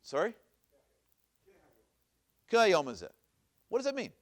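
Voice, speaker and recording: A man's voice: sits high, huge pitch swings, takes it slowly. Rabbi lecturing, quizzing his class. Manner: asks questions and repeats them, reads Hebrew verses aloud. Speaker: rabbi teaching a Bible class. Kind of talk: classroom lecture with questions to the audience. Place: synagogue classroom.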